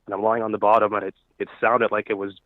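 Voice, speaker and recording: Man, caller, halting nervous storytelling, lower voice, tinny phone line. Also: flat delivery, no echo. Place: at home.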